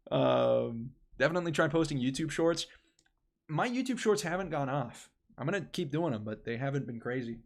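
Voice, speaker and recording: A man's voice: on the high side, sing-song, moderate pace, vocal fry. A young man hosting a casual live stream, rambling and restarting his phrases as he talks to his chat.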